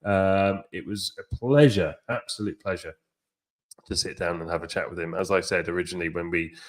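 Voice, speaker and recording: A man's voice: deep voice, fairly even intonation, fairly quick. A man hosting a podcast, chatting casually and enthusiastically with lots of ums and restarts. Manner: enthusiastic, rambling with many ums. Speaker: podcast host.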